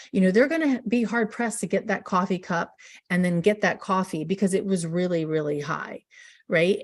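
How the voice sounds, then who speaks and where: A middle-aged woman giving a live webinar talk on event planning, telling chatty stories with fillers and restarts. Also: medium pitch.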